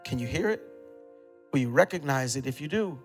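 A man preaching a sermon as pastor, emphatic, repeating phrases and dropping suddenly to a hush. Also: medium pitch, animated, fairly quick, big-room sound, soft background music. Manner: emphatic preaching with repetition and sudden drops to quiet.

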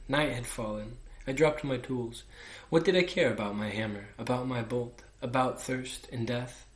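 A man in his twenties, a soccer player, reading a children's book aloud with an expressive storytelling manner. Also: mid-range voice, normal speed. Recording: echoey room.

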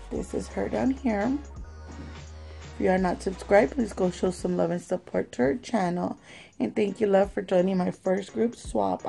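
A woman hosting a craft swap unboxing vlog at home, talking slowly and gently and calling viewers "love" again and again. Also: medium pitch, creaky, poor audio. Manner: slow, gentle, calls viewers "love" often.

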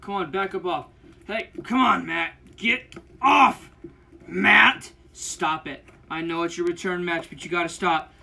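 A man calling a wrestling video game match play by play, shouting out moves and pin counts. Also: sits high, measured pace, gravelly, slight background noise. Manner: shouts move names and counts, yelps at big hits. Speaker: channel owner commenting on wrestling matches. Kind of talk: excited play-by-play game commentary.

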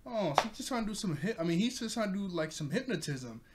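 A man's voice: high-pitched, big pitch swings, fast talker, background noise. A man casually recapping an anime episode for his review channel, chatty and rambling, laughing often.

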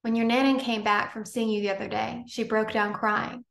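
A woman reads as an earnest male schoolteacher, urgent and pleading. Her voice sits a little high with a gravelly fry. The room has a noticeable echo. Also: level tone, normal speed, a bit bright. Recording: roomy echo.

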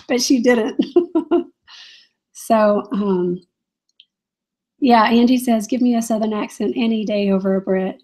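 A woman chats casually on a live stream, reading out viewer questions and answering them as she goes. Her voice sits a bit high but has a soft, mellow tone. She rambles, fills gaps with ums, and laughs easily. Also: fairly even intonation, normal speed. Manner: chatty and rambling, laughs often, many fillers. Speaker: reseller host answering live viewer chat.

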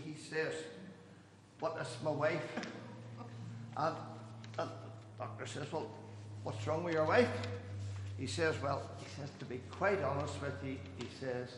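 A man, a church elder telling jokes at a gathering and raising his voice for each character. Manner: animated storyteller, raises pitch for quoted voices. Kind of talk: after-dinner joke telling. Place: church hall. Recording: echoey hall, some noise.

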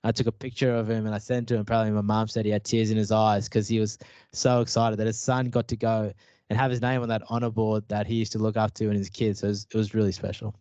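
A man's voice: fairly low pitch, fast, dry recording. A man in his thirties telling stories in a casual fireside chat, acting out family dialogue as he goes. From Australia. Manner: animated storyteller who acts out family dialogue. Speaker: guest, professional cricketer. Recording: slightly dull, dry sound.

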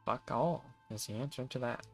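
A man's voice: medium pitch, normal speed, soft background music. Wry, cursing male game streamer. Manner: profane, wry, talking to himself. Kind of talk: casual gameplay commentary.

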